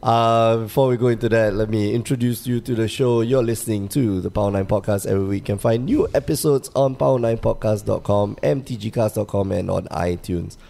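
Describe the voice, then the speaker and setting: A man hosting a casual podcast, sounding sick and rough-voiced, joking and laughing with his co-hosts. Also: lowish voice, fairly quick, few pauses, warm tone. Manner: laughing, joking, loose and chatty. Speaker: podcast host.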